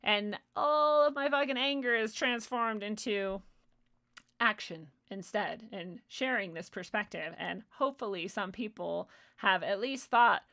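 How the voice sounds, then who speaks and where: A woman's voice: medium pitch, measured pace, bright, forceful tone. A woman hosts her own stream and speaks straight into it. Her voice sits in a middle register. She rants in a heated, confrontational way, swearing freely and pressing her point home. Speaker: stream host. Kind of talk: unscripted ranting monologue.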